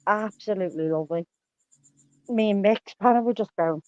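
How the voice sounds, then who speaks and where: A woman's voice: medium pitch, moderate pace, no room sound, dull audio. A woman telling rambling, laughing anecdotes in a casual chat, swearing a lot. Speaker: guest on a live chat stream.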